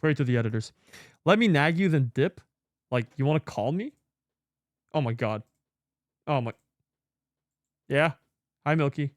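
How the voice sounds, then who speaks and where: A male streamer chatting casually with viewers, excitable and swearing often with lots of exclamations. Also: medium pitch, measured pace, pauses often, no room sound, studio quality. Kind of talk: casual live-stream chat.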